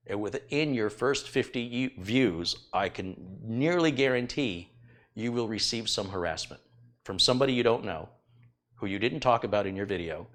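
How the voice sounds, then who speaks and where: A middle-aged man hosting a live stream from his kitchen, chatting casually, teasing and rambling with fillers as he thanks viewers. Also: deep voice. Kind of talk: casual live-stream chat reading donations. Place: home kitchen.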